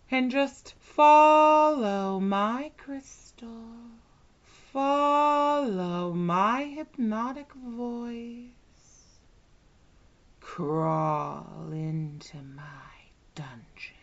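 A woman in a whispered role-play, speaking as a dominant hypnotist with a soft, commanding, drawn-out delivery. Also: fairly high pitch, smooth, highs cut off.

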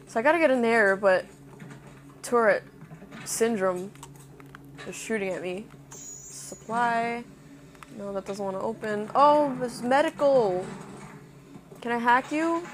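A young woman playing a video game and commenting as she goes, cursing and reacting loudly to scares, then muttering to herself. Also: a little high, takes it slowly, pauses often. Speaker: gameplay streamer. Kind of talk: casual let's-play commentary.

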